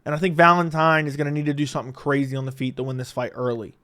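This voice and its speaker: A man casually breaking down fight predictions, blunt and profane, laughing often and swinging between loud bursts and quiet asides. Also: a little high, little pitch movement, racing. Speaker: MMA predictions commentator.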